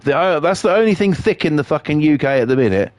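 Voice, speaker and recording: A man's voice: on the high side, animated, fast, darkish tone, no room sound. A man, chatting on a live game stream in a sweary, rambling, jokey way. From England. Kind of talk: casual chat on a live stream.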